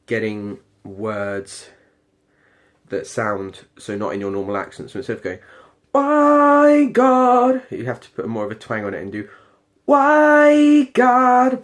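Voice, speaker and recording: A young man with a British accent talking casually about his singing practice in a rambling, hesitant way. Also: fairly low pitch. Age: late teens. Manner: rambling, hesitant, many ums and restarts. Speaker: performing arts student. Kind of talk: casual video diary.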